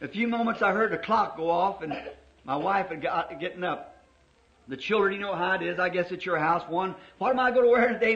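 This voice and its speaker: A middle-aged man preaching a sermon, telling a story fervently and dramatically, slowing down to stress key words. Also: high-pitched, fairly bright tone. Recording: dull lo-fi old sermon tape.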